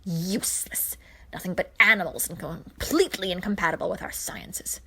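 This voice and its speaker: Old sorceress for a storybook reading, cold and contemptuous, harsh husky whisper, a woman doing the voice. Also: lowish voice, moderate pace, pushed and bright, exaggerated voice. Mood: scornful.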